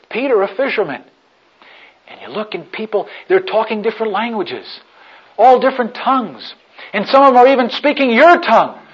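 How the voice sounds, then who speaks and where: A man preaching a sermon as dramatic storytelling, dropping to a hush and then rising to loud outbursts. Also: a little high. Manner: dramatic storytelling, swings from hushed to shouting. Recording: dull lo-fi recording.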